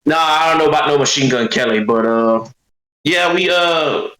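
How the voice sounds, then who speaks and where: A man's voice: on the high side, moderate pace, fairly bright tone, roomy sound, low-quality recording. A man, a wrestler guest chatting casually with joking, folksy slang. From Louisiana. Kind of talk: casual chat.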